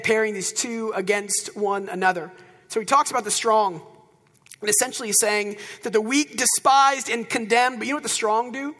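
A pastor preaching a sermon in a church auditorium, animated and conversational, with asides to the congregation. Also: male voice, sits high, husky, big-room sound.

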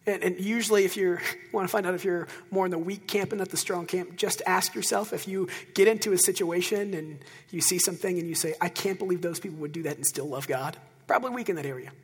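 A pastor preaching a sermon in a church auditorium, animated and conversational, with asides to the congregation. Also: male voice, high-pitched, a little fast, husky, long reverb tail.

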